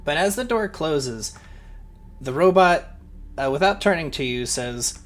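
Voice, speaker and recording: A man's voice: fairly high pitch, expressive, measured pace. Man running a tabletop game, casual. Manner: casual, rambling, with fillers. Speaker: game master.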